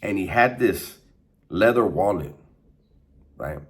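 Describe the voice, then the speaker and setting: A deep-voiced man tells stories from his prison days in a loose, unscripted monologue. He talks in streetwise slang, swears freely, and doubles back on his words as he goes. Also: lively intonation, slow. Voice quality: profane, conversational. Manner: streetwise slang, frequent restarts and fillers. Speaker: former inmate telling prison stories. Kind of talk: casual storytelling monologue.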